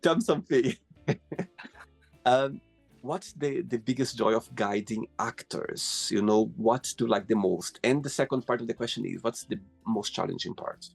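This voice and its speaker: A male host with a gravelly, husky voice asks friendly questions in slightly broken English. Faint music plays underneath. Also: mid-range voice, moderate pace. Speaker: interview host. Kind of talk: casual interview questions.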